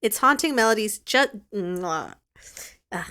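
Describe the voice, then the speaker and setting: Bright woman podcaster reading script. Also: high voice, expressive, brisk. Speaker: podcast co-host. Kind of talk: podcast outtakes.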